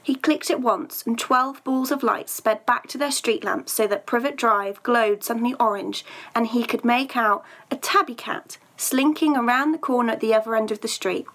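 A woman's voice: fairly high pitch, moderate pace, a bit bright. A woman teacher reading a story aloud to her pupils, then chatting about a task with a few hesitant fillers.

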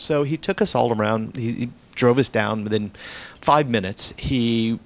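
A man's voice: medium pitch, a little slow. A man giving a reading, telling a rambling family anecdote with many fillers and restarts. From United States. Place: event room.

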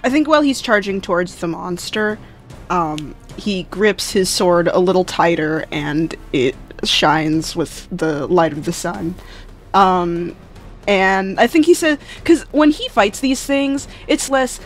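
A mid-pitched player describes their character's moves in a tabletop game, pausing with frequent ums as they think aloud. Soft music plays behind them. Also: lively intonation. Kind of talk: casual tabletop play.

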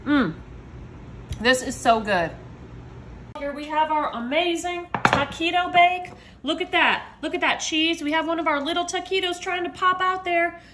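Woman home cook, high bright voice, chatty and upbeat, faint kitchen hum. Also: fairly even intonation, moderate pace, hardly any pauses. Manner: chatty, upbeat, addresses viewers as y'all. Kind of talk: casual cooking demo.

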